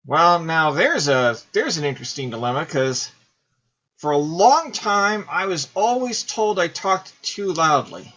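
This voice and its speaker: This host, a man in his forties, offers casual commentary while playing a game, wandering off on tangents and putting himself down as he tackles the questions. He speaks at a measured pace in an animated, sharp voice that sits on the high side, captured in a muffled recording.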